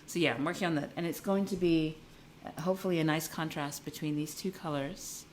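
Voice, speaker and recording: Female co-host, deep-ish voice, chatty and giggly, loose unfinished sentences. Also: a little fast, a little hiss or hum. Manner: chatty, laughs often, trails off mid-sentence. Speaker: podcast co-host. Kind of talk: casual chat. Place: yarn shop. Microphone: recorded on camera.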